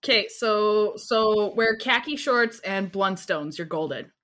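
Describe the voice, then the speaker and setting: A woman's voice: medium pitch, expressive, slow pace, fairly bright tone. A woman co-hosting a casual podcast who questions what she hears with teasing skepticism. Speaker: podcast co-host. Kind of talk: casual chat.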